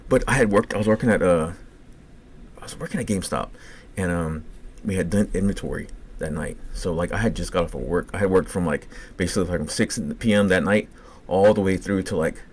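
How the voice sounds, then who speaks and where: A man's voice: low voice, brisk, husky. A man with a Cajun accent telling rambling, profane personal stories on a casual podcast. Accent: Cajun English. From Louisiana. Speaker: podcast co-host.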